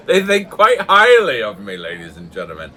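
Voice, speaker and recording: A man's voice: medium pitch, huge pitch swings, moderate pace, bright, forceful tone. An older man hosting his own channel, telling jokes in a casual, jovial way, laughing often and throwing in mock-posh asides. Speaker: channel host. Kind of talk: casual joke-telling chat. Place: pub.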